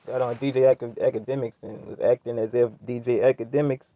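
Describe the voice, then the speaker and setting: A man's voice: medium pitch, mellow, dry recording, lo-fi sound. A man giving a heated, rambling commentary rant, full of slang and restarts. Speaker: commentary vlogger. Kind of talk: ranting commentary.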